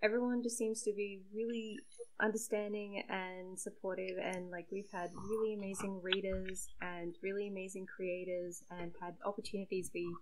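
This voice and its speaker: A woman's voice: mid-range voice, flat delivery, moderate pace, darkish tone, slight background noise, low-quality recording. Young woman, casual podcast guest-regular, chatty and self-deprecating, mid-range voice. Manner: chatty and self-deprecating, many fillers and laughs. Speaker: webcomic creator and site regular.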